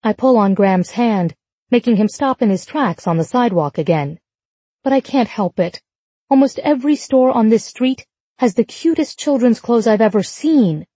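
A woman reads a first-person romance in a mellow, soft-edged voice. The recording is dry and close, and her pitch sits in a middle range for a woman, with intimate, lightly amused storytelling. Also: dry recording. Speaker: audiobook narrator.

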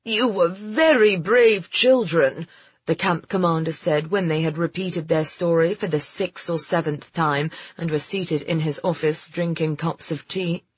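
A woman narrating a story in a slow, measured way. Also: low voice, steady tone, breathy edge, dry recording. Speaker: audiobook narrator. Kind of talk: scripted narration. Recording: dull, muffled sound.

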